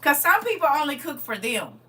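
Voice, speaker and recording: Fairly quick, with a voice that sits high, a middle-aged woman hosts a livestream and chats casually with viewers. She's blunt and animated, and calls her audience "y'all" and "baby."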